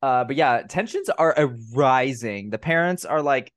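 A man hosting a casual film podcast, retelling scenes with lots of swearing and animated energy. His voice sits at an ordinary middle pitch. The sound is dry and close, with no room echo. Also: unhurried. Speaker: podcast host. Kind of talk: casual film review chat.

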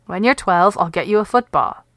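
Woman reading a tired sad mother, soft, quiet, resigned, calm, close dry sound. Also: medium pitch, moderate pace, no room sound, natural voice. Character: sad, weary mother speaking calmly.

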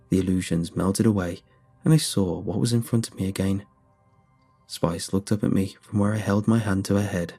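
A man narrating a horror story in a steady, measured way. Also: lowish voice, breathy edge. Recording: faint background music.

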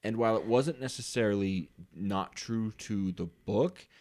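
A man's voice: fairly low pitch, a little slow, darkish tone. A man co-hosting a podcast in casual chat, easygoing and reflective, laughing along. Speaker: podcast co-host.

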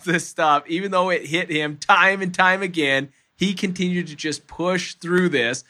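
A man's voice: fairly high pitch, sharp tone. A man hosting a podcast, enthusiastic and encouraging as he talks to his guest. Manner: hyped, encouraging, laughs often. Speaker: podcast host.

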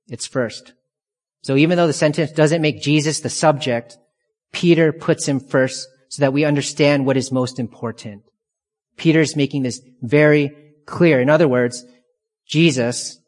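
A man preaching an expository sermon, emphatic and deliberate, repeating key phrases for weight. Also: mid-range voice. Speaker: pastor. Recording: long reverb of a large hall.

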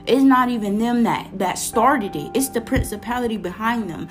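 A woman from Florida with a Florida accent, giving a casual, animated faith talk to camera, slangy and quoting scripture. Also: fairly high pitch, normal speed, soft background music. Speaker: Christian vlogger.

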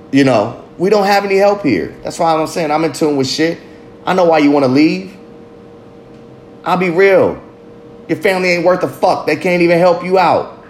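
A man's voice: on the high side, slight background noise. A father talking in a candid, confessional monologue, blunt and heavy with profanity. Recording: roomy echo.

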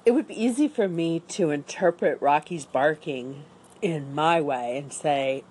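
A woman's voice: low voice, measured pace, a little mellow, slight background noise. A woman talking upbeat and rambling in a casual outdoor morning vlog, with an allergy cough. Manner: rambling and upbeat, with small restarts. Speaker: vlogger. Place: outdoors with dry leaves on the ground.

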